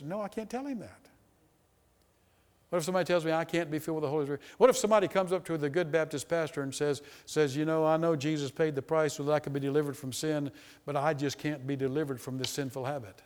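A man preaching a sermon, emphatic and repetitive, swinging between loud stresses and hushed asides. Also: on the high side, fast, in a large hall.

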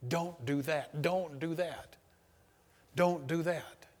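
A man preaching a sermon, emphatic and repetitive, swinging between loud stresses and hushed asides. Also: on the high side, takes it slowly, in a large hall.

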